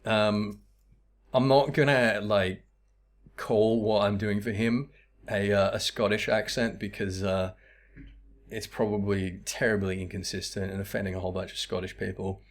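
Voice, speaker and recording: A man's voice: lowish voice, flat delivery, normal speed. A young man chatting casually as he streams a game, tired, swearing freely and laughing at what he sees. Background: game music.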